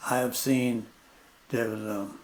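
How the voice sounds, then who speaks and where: An older man, a plainspoken interview guest telling stories slowly and repeating his points. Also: mid-range voice, fairly even intonation, slight background noise. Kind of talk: storytelling in casual conversation.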